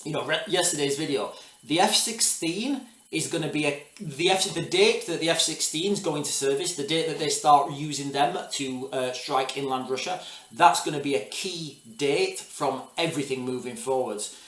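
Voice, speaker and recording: A man in a casual commentary vlog. His voice sits a little higher than most men's, and he talks to his viewers in loose, rambling asides, often stopping to restart a thought. He sounds set back from the mic in an echoey room. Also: moderate pace, fairly bright tone, distant mic. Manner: rambling, restarts, repeats "guys, all right". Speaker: video host.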